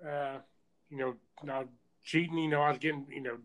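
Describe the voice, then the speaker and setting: A man's voice: on the high side, fairly even intonation, a little fast, a bit bright, rough recording. A man recalling his wrestling past in casual talk, full of "you know" fillers. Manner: loose, filler-heavy recollection. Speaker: podcast guest, former wrestler. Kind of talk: casual conversation, recalling matches.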